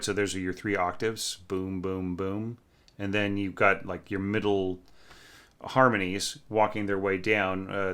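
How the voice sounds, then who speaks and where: Bright-toned man humming through score critique. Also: low-pitched. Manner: thinking aloud with fillers, humming melodies. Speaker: orchestration teacher reviewing scores. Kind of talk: casual spoken score critique.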